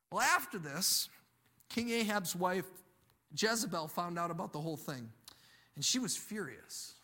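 A male pastor preaching in a high voice. His sermon is told as lively storytelling that swells into loud, emphatic bursts. The tone is bright and forceful. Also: a little slow, pauses often. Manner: animated storytelling, building to loud emphatic peaks.

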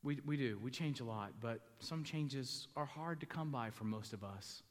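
A man's voice: mid-range voice, moderate pace. A middle-aged man with a Southern US accent preaching a fiery funeral sermon from a church pulpit. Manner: fiery, building to loud preaching peaks. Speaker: pastor. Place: church sanctuary. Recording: long hall reverb.

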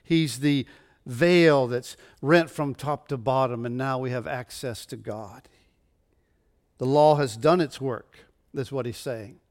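A man's voice: mid-range voice, takes it slowly. A man preaching a conversational sermon, acting out quoted voices and often repeating words as he goes. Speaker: pastor.

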